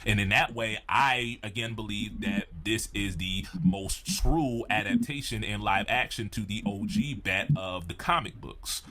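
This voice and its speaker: A man narrating a scripted film analysis video in a measured, explanatory way. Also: lowish voice, bright, forceful tone, a little hiss or hum. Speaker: video essayist.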